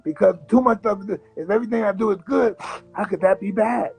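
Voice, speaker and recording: A man in his fifties from the United States, a guest in an interview, telling blunt, animated stories and acting out other people's voices. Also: sits high, fast talker, creaky, faint music behind, rough recording. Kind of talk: candid interview storytelling.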